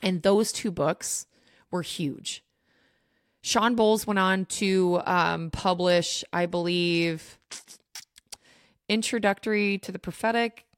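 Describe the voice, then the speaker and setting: A woman's voice: lowish voice, slow pace, long pauses, clear, resonant tone, dry recording, studio quality. A woman hosting a faith podcast, talking earnestly and emphatically straight to her listeners. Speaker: podcast host. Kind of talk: faith teaching podcast talk.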